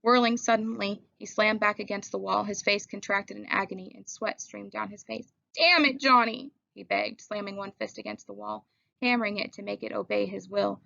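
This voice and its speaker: Woman reading a novel, slightly gravelly voice. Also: mid-range voice, flat delivery, a little fast, fairly bright tone, no room sound, dull audio. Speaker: audiobook reader. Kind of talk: first-person novel narration.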